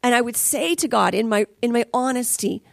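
A woman's voice: on the high side, a little fast, vocal fry, dry recording. A woman preaching a sermon as a conversational, emotional testimony, dropping at times to near whispers.

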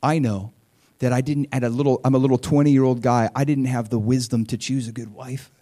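A pastor in his forties preaches in a conversational, animated way. His voice sits in a middle register, and he drops to quiet asides, then bursts out loud to drive a point home. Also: medium pitch, brisk. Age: 40s. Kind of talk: sermon.

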